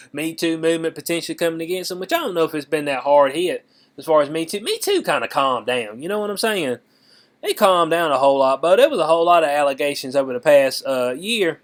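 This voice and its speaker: A man giving casual political commentary on his vlog, animated and slangy, breaking into laughs often. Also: a little high.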